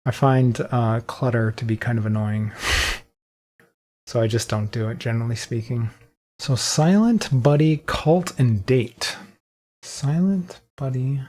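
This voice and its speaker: A man's voice: mid-range voice, measured pace, a little mellow. A young adult man solving a daily word puzzle alone, thinking aloud and questioning himself as he goes. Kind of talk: casual solo gameplay commentary.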